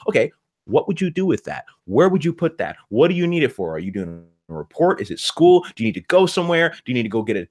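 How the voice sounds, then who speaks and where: A man co-hosting a motivational talk show, speaking in quick, punchy bursts and repeating words for emphasis. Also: on the high side. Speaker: podcast co-host.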